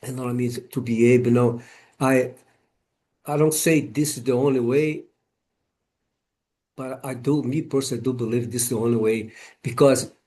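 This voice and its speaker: A man hosting a casual conversation, talking haltingly with many repeated words and restarts. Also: medium pitch, fairly even intonation, darkish tone. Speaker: podcast host and healing practitioner. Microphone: home camera setup.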